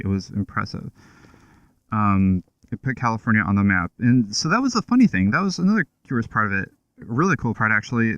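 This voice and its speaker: A man's voice: mid-range voice, a bit bright, no echo, lo-fi sound. A man riding a motorcycle, chatting casually about history through a helmet mic, loose and offhand with asides. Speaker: motovlogger. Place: on a motorcycle outdoors.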